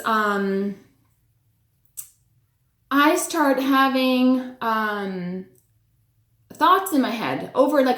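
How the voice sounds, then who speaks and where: A woman with a somewhat high voice tells a personal story in a loose, chatty way, leaning on fillers like "like" and "you know." She acts out her own reactions as she goes. The sound carries a noticeable echo from the room. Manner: animated retelling with acted-out reactions. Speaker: storyteller sharing personal spiritual experiences. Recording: echoey room.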